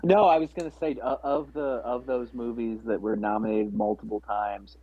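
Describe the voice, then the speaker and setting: A man's voice: medium pitch, fairly even intonation, normal speed, breathy edge, no room sound. A man chatting casually about films, rambling with many restarts and fillers. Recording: dry, phone-like narrow sound.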